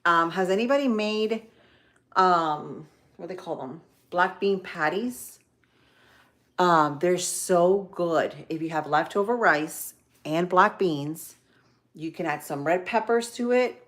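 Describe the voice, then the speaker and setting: A tired middle-aged woman chatting casually with live viewers while she cooks, folksy, full of ums and y'alls. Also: on the low side. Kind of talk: casual live-stream chat while cooking.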